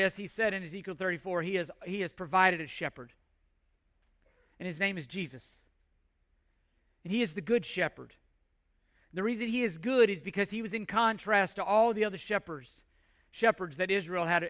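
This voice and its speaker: A male pastor preaching a sermon, emphatic and repetitive, with measured pauses. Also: sits high, pushed and bright.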